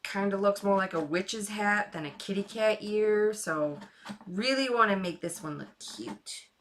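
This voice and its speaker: A woman's voice: medium pitch, unhurried, slight background noise. A woman streaming live while carving a pumpkin, chatting playfully and rambling to her viewers. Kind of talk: casual live-stream chat.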